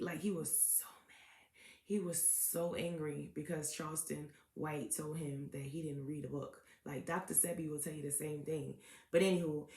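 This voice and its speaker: A woman's voice: low-pitched, brisk, vocal fry, darkish tone. Chatty woman vlogging in an echoey room. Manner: chatty, frequent "um" and "okay?". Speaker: tarot card reader. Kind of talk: casual chatty vlog.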